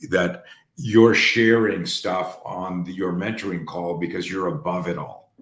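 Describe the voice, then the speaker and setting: Deep-voiced man telling animated stories. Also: measured pace, reverberant. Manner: animated, profane storyteller acting out dialogue. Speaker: host and coach. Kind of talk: conversational storytelling on a call. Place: room on an online call.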